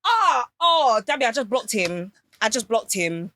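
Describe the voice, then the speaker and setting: A woman, a podcast guest telling a personal story in candid casual chat, animated and swearing freely. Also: medium pitch, normal speed.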